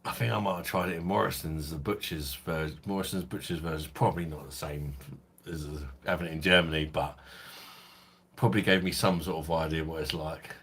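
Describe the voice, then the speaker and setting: A deep, husky-voiced middle-aged man from London, his accent softened by years in Kent. He chats casually on a live stream, reading out viewers' comments by name. He swears freely and laughs often as he goes. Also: fairly even intonation, fairly quick. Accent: London English, softened by years in Kent. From London, England. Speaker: host of a beer review channel livestream.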